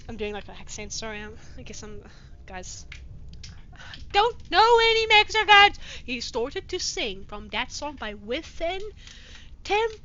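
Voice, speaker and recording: A woman with a high-pitched voice that swings widely, reading fanfiction aloud as a comedy bit. She mocks the story in a profane, exasperated way and keeps it sarcastic and sharp. The recording sounds slightly dull and lo-fi. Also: very animated, unhurried, slight background noise. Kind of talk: comedic dramatic reading with commentary.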